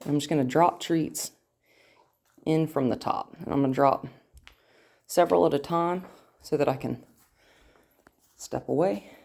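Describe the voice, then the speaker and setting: Low mellow woman training a dog. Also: measured pace, creaky, pauses often. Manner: talks to the viewer while praising a dog in a high sing-song voice. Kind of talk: instructional dog training demo.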